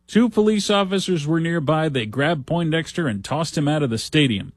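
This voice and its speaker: A husky-voiced man hosts a talk show, delivering casual news commentary. He reads headlines aloud and breaks in with wry, sarcastic asides. The sound is dry and close, with no room around it. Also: fairly high pitch, lively intonation, moderate pace, dry recording.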